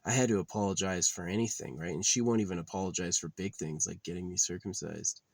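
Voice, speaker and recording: A man rants through a rambling vlog monologue, bitter and profane, circling back on himself as he talks. His voice sits very low with a gravelly, fried edge. The sound is dry and close, with no room around it. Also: quick pace, no echo. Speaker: vlogger.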